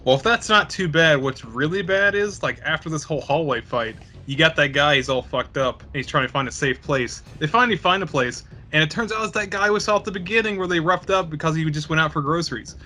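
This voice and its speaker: A man's voice: a little high, animated, brisk, few pauses, pushed and bright. A man co-hosting a casual podcast about a film over beer, telling scenes with joking enthusiasm. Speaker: podcast co-host.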